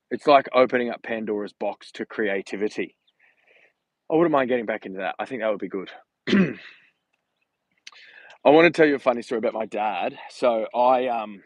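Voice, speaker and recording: A man's voice: mid-range voice, no echo, rough recording. A man talking casually in a rambling, chatty way while walking outdoors during a livestream vlog, filmed on a handheld phone. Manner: chatty, rambling, laughs while telling stories. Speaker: vlogger.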